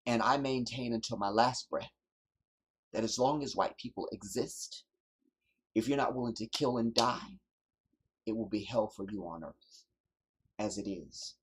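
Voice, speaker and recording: A man hosting a livestream, delivering an impassioned, preachy monologue that often drops to hushed whispers. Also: on the low side, unhurried, pauses often, husky. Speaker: livestream host.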